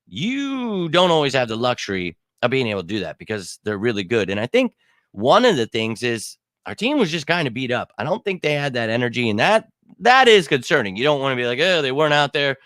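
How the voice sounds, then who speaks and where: Male fan-show host, heated and profane, rambles and hollers, bright edge, dead-dry mic. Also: medium pitch, sing-song, a little fast, dry recording. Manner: heated, swearing, rambling, shouts out commenters. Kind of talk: live fan Q&A stream.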